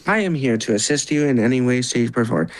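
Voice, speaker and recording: A man's voice: mid-range voice, animated, a little fast, close to an everyday voice, rough recording. A man voicing a stern, condescending female sorcerer aide in a tabletop game, in his own everyday voice. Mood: haughty.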